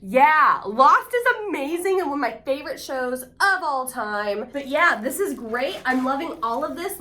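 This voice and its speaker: A woman with a high, bright voice that swings widely up and down as she talks. She gushes with excitement in a casual unboxing vlog. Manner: excitable and gushing. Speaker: AuthorTube vlogger.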